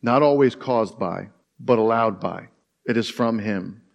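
A man's voice: fairly low pitch, a little slow, vocal fry, dull audio. A man preaching a sermon as pastor, earnest and conversational, often repeating his phrases for emphasis. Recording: long hall reverb.

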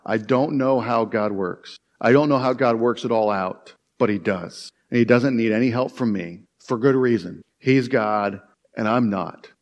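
Earnest male pastor in reverberant hall. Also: mid-range voice. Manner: earnest, conversational preaching with repeated phrases. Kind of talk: sermon.

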